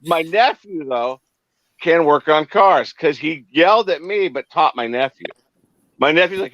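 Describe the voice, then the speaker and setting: A laid-back man hosting a casual chat, telling long stories with slow, stretched phrasing. His voice sits a touch high, and it sounds dry and close, with no room around it. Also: animated, fairly bright tone, no echo, highs cut off. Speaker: stream host.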